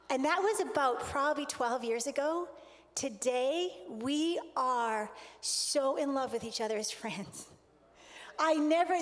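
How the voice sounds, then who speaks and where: A woman giving an earnest, animated sermon-style talk, telling a personal story and acting out the voices in it. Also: high-pitched. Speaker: speaker at a relationship conference. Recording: long hall reverb.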